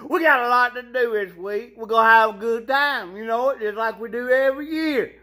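Someone doing a rowdy hillbilly guy, whoops and cackles, thick folksy drawl, middle-pitched voice, fair promo vid. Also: normal speed, sharp tone, close to an everyday voice. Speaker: county fair mascot character. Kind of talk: social media video promo.

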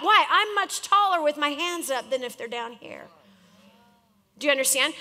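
A woman from California leading a live business seminar as a coach, teaching an audience in a direct, challenging, animated way. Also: sits high, moderate pace. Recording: long reverb of a large hall.

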